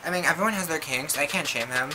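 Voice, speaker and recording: Young woman vlogger, deep-ish voice, says like every other word, swears a lot, music in the background. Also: fast, poor audio. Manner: chatty, filler-heavy, profane. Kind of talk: casual storytime. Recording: music playing behind the voice.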